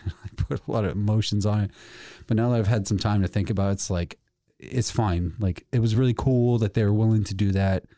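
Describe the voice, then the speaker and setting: A man co-hosting a casual podcast, spinning a story with plenty of laughter. His voice sits fairly low and mellow. The sound is dry and close. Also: fairly quick, no echo. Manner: animated storyteller, laughs often. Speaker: podcast co-host. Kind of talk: casual chat.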